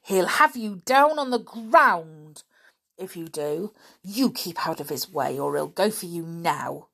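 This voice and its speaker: A fierce tomboy girl played by a woman reader flares up loud and hot-tempered. She sounds louder and higher than the narration around her. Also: lively intonation, slow, gravelly, husky, exaggerated voice. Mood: furious.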